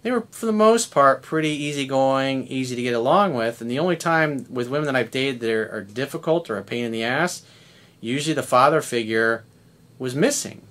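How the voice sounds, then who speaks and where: This dating coach is a man in his fifties whose voice sits at an ordinary middle pitch. His delivery is brisk and a bit bright, with lively intonation, as he bluntly works through a conversational coaching monologue, swearing casually.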